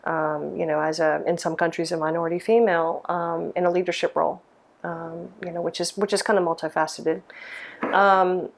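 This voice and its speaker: A woman's voice: lowish voice, flat delivery, moderate pace, vocal fry. A middle-aged woman from Mississippi, a lighting designer, answering interview questions in a thoughtful way, with many ums and restarts. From Mississippi, USA.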